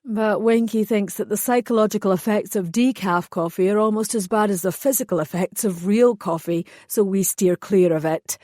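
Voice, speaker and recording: A polite, kindly male fairy receptionist from an audiobook, put on by a woman narrator. His voice is mellow and soft-edged, recorded dry and close. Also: mid-range voice, moderate pace, hardly any pauses, no room sound, lightly acted. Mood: friendly.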